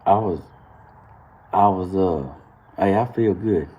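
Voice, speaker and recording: On his morning live stream, a young Georgia man with a Southern voice chats casually, laughing often as he rambles through a story. He's the host of the live morning show, speaking low-pitched and slow over dull-sounding audio.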